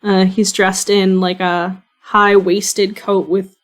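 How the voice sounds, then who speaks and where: A woman running a tabletop fantasy game in a casual, giggly way, full of ums and likes. Her voice sits at an ordinary middle pitch, plain and unforced. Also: level tone, slow pace. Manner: casual, giggly, with many fillers. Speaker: game master.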